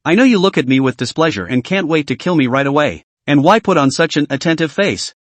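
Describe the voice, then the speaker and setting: A man's voice: fairly high pitch, expressive, quick pace, dry recording, lightly acted. A man voicing a confident, mocking young male hero in a comic recap.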